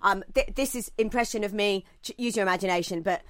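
A woman's voice: mid-range voice, fast, few pauses. A woman with a British accent, co-hosting a casual podcast, chatty and swearing freely as she tells self-mocking stories. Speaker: podcast co-host.

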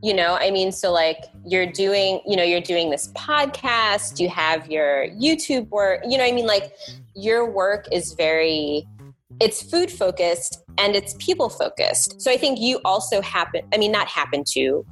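A woman's voice: mid-range voice, lively intonation, a little slow, faint music behind. A woman guest on a podcast, talking in a casual, thoughtful way and often restarting and repeating words. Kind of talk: casual interview chat.

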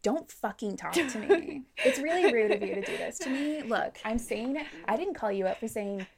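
Brief: young female podcast co-host, gravelly voice, blunt and sweary, casual chat. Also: on the high side, expressive, normal speed, crowd noise. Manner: swears a lot, blunt and joking. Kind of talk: casual book-club chat.

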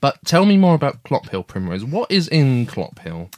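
A man's voice: mid-range voice, big pitch swings, moderate pace, dry recording, clean studio sound. A man hosting a casual family podcast from a garden shed office, chatty and encouraging as he prompts his young daughter. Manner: chatty, encouraging, gently teasing. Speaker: podcast host, father.

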